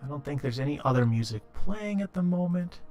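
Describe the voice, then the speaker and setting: A man's voice: on the high side, animated, a little fast, darkish tone, dull audio, soft background music. A man narrating as game master in a tabletop game, casual and full of fillers.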